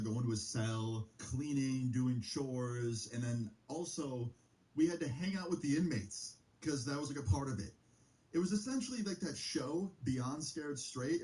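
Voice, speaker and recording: Streaming to viewers, a young man tells a story in a loose, profane, casual way packed with fillers. His dark-toned voice jumps up in pitch on exclamations, and the audio quality is poor.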